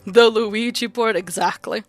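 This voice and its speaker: Streamer: Norwegian-accented woman, slow and giggly, dry close mic, faint music. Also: fairly high pitch, fairly even intonation, dry recording. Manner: giggly, chatty. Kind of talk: casual let's-play commentary.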